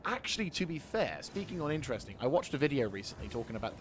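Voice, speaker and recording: A man's voice: on the high side, big pitch swings, racing. A British man in his thirties streaming a game, talking in a rambling, sweary and self-deprecating way. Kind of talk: casual gameplay commentary.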